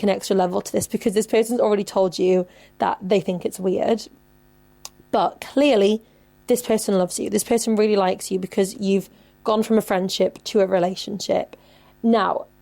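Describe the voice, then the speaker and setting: A woman's voice: mid-range voice, creaky, darkish tone. A woman in her twenties who hosts a podcast, giving advice in a casual chatty way, swearing freely and saying "like" a lot. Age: 20s. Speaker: podcast host.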